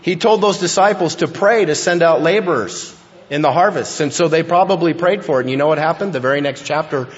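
A male pastor delivers a sermon with a slightly higher voice, swinging between hushed, reflective lines and rousing emphasis. His voice rings with long reverb through a large church. The recording sounds muffled and lo-fi. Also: a little fast. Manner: preaching, rising to emphatic intensity. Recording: echoey hall, dull lo-fi sound.

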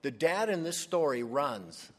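A man's voice: on the high side, big pitch swings, unhurried. A man preaching a sermon, retelling a story expressively and acting out the voices of its characters. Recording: long hall reverb.

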